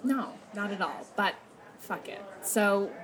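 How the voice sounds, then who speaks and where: A woman's voice: mid-range voice, slow, crowd noise, rough recording. A woman co-hosting a casual chat with a dry, sweary sense of humour, laughing along. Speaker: podcast co-host.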